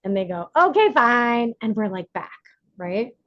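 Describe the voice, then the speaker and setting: Animated woman leading an online workshop. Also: normal speed, no echo, dull audio. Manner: animated, acts out quotes with big pitch jumps. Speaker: workshop facilitator. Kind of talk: online recovery workshop teaching.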